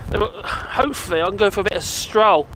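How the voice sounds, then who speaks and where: Outdoors on a windy hillside near buildings, a man live-streams in gusty wind, chatting casually, reading comments, and rambling with laughs and exclamations. He talks into a handheld mic with a furry windshield, and his high-pitched, fast, slightly bright voice comes through on poor audio.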